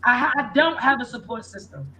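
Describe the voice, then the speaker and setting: Middle-aged woman guest, candid testimony, blunt and emphatic, highish voice, faint hiss. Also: sing-song, brisk, sharp tone, low-quality recording. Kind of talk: personal testimony in casual chat.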